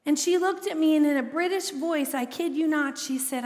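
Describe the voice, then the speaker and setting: A woman with a high, bright-pitched voice tells her testimony from a stage, lively, slipping into little acted-out bits of dialogue. Her words ring out with a long reverb tail through a large hall. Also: moderate pace. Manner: lively storytelling, acts out quoted dialogue. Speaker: ministry founder and speaker. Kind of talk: testimony sermon.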